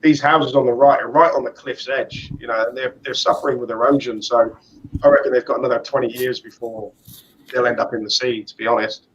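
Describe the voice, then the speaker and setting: A man who serves as a tank commander talks casually as he rides. He is easygoing and pokes fun at himself. His voice sits at an ordinary middle pitch, and the audio is dull and muffled. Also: fairly even intonation, fairly quick, slight background noise. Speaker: tank commander and motorcycle vlogger. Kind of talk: casual chat while riding.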